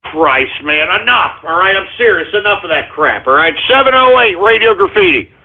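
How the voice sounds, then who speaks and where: A man hosting a call-in radio show with a fairly high voice. He rambles, circling back with fillers and restarts, and the sound is thin and phone-like. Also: expressive, normal speed.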